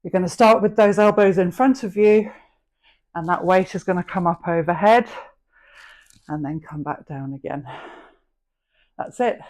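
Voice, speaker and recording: A woman's voice: lowish voice, normal speed, pauses often, a little mellow. Woman, middle-aged, fitness instructor, encouraging workout cues, online exercise class. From England. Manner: encouraging, cueing reps and form.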